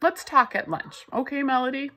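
A woman's voice: high voice, normal speed, a bit bright, voice pushed up. A woman reading the lines of a caring female special-education teacher who speaks with pride.

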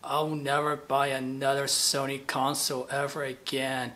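A man vlogging a mock-angry rant in a deadpan delivery, claiming fury while staying flat. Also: mid-range voice, moderate pace, hardly any pauses. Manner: deadpan, flat monotone despite claiming rage.

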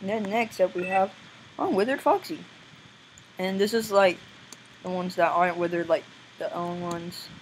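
A young woman giving casual gameplay commentary, excitable and squealing now and then, often breaking into silly voices. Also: lowish voice, normal speed, long pauses, slight background noise, rough recording. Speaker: gameplay video maker.

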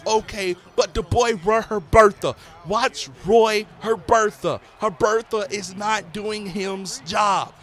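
A man, a father, giving excitable, slangy play-by-play commentary over his own video game session. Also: sits high. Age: adult, a parent. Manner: excitable, slangy hype talk. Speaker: gaming YouTuber.

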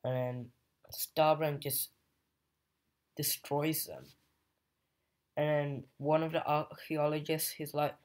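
Guy slowly rambling thru a comic recap, lots of ums, pretty monotone. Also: fairly high pitch. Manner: rambling, with fillers and restarts. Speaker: comic book reviewer. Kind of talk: casual plot recap.

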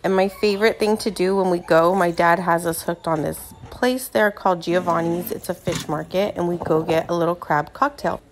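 A woman's voice: on the low side, normal speed, few pauses, slight background noise. A woman hosting a home cooking channel, casually telling a funny family story to camera and acting out the voices of the people in it. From California. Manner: animated, acts out quoted voices.

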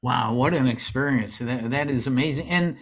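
A man's voice: mid-range voice, normal speed. A man hosting an interview, curious and asking follow-up questions. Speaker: interview host. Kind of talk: casual interview.

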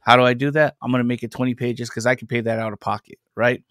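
A man's voice: medium pitch, fairly even intonation, fast, fairly bright tone, no echo, studio quality. A man who is a guest on a podcast, an independent comic creator chatting casually and telling long, rambling stories. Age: adult parent. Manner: rambling storyteller, loose and conversational. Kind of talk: casual chat.

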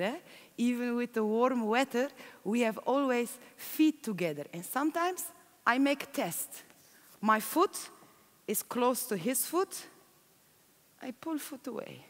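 A woman performing a stage monologue as an immigrant woman, speaking slow, broken English in a reverberant conference hall. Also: medium pitch. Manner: broken English, plain storytelling. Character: Turkish immigrant woman recounting her marriage. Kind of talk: theatrical monologue.

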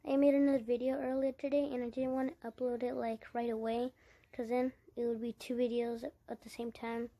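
A woman's voice: high-pitched, warm tone. A woman giving casual let's-play commentary, narrating her own moves and chatting to her viewers. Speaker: gaming channel creator.

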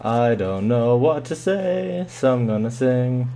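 A man's voice: mid-range voice, measured pace, warm tone. A man commentating his own shooter match live, muttering and swearing with sudden yelps.

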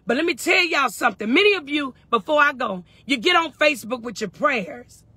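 A woman's voice: high voice, lively intonation, fairly quick, sharp tone, dry recording. A woman fervently on a phone live stream from her parked truck, answering viewers' comments in call-and-response. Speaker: faith and wellness livestream host.

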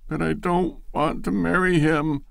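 Guy putting on a weepy young woman, high and pleading, gravelly underneath. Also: lively intonation, a little slow, darkish tone, no room sound, clean studio sound. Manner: sobbing, pleading. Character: distraught young woman, tearful and ashamed.

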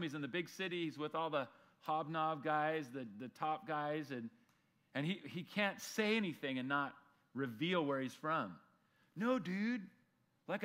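Guy pastor giving a sunday bible teaching, relaxed and chatty, does little voices for the characters. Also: a little high. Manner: conversational, acts out voices of people in the story. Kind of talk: sermon.

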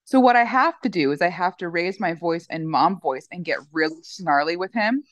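A middle-aged woman chatting in an interview, telling animated stories with lots of fillers. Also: fairly low pitch, moderate pace, dry recording. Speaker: dog owner guest. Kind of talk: casual interview chat.

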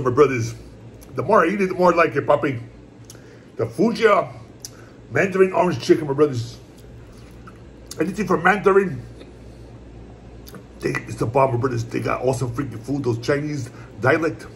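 A man in a casual home eating vlog, rambling along in a relaxed, repetitive way as he talks to his viewers. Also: on the high side, moderate pace, creaky, long pauses, slight background noise. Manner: laid-back, rambling, repeats "my brothers" and "puppy". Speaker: mukbang vlogger. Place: at home, indoors.

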